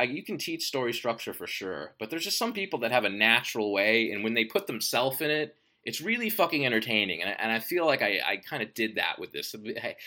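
A man's voice: mid-range voice, pushed and bright. A man, an author, talking about his writing in a casual monologue, swearing often and rambling enthusiastically. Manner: profane and rambling.

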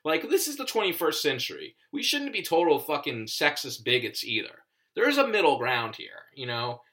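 Forceful, profane comedian ranting. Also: mid-range voice, big pitch swings, moderate pace. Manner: profane, emphatic, rambling with restarts. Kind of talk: casual monologue rant.

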